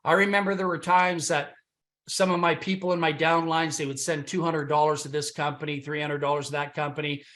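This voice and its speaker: A man giving a loud, boastful sales pitch on a conference call, punchy and swinging between shouted emphasis and low asides, his voice a bit worn from talking loud. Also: flat delivery, fairly quick. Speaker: business opportunity presenter on a conference call.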